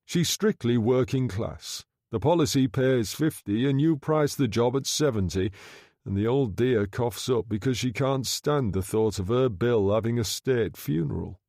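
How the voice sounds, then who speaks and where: A man voicing a smooth-talking gangster undertaker who speaks low, soft and quietly threatening, in an audiobook reading. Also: unhurried, dry recording, clean studio sound, close to an everyday voice. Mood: menacing.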